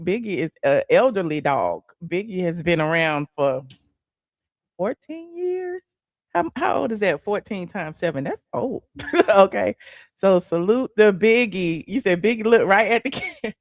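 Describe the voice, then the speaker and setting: Chatty woman with a gravelly voice. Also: medium pitch, no room sound. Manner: chatty, talks to the chat, calls listeners child and honey. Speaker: livestream host. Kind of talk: casual live-stream chat. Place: small room at home. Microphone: computer mic at a desk.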